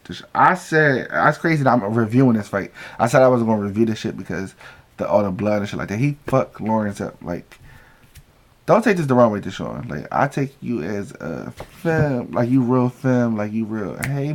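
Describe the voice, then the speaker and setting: A man's voice: on the low side, animated, normal speed. Profane gossipy man recapping a show. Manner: acts out quoted lines. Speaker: reality show reviewer. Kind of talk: casual recap vlog.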